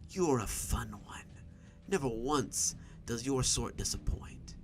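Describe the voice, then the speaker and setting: Man voicing a sinister uncanny stranger, raspy half-whisper, wheezing, smug and taunting, horror story reading. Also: medium pitch, big pitch swings, takes it slowly, soft background music. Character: sly menacing uncanny male stranger.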